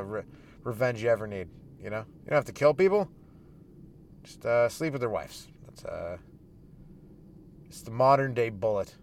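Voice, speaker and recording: A man hosting a podcast as a stand-up comedian, riffing crudely and rambling through jokes in a casual monologue. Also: medium pitch.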